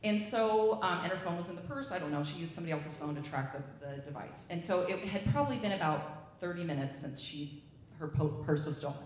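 A woman's voice: lowish voice, brisk, a little hiss or hum. A woman sharing a rambling anecdote with a gathering, acting out the voices of the people in it. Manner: rambling, animated, acts out the voices she quotes. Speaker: speaker sharing a story at a gathering. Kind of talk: casual anecdotal storytelling. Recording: echoey room from a distance.

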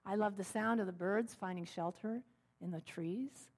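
A middle-aged woman minister giving a sermon, telling stories with gentle humor. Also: mid-range voice, moderate pace. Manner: warm storytelling with gentle humor.

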